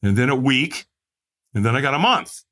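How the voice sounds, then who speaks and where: Animated man telling his story. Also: normal speed. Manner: animated, acts out quoted voices with big pitch jumps. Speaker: podcast guest. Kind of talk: candid storytelling.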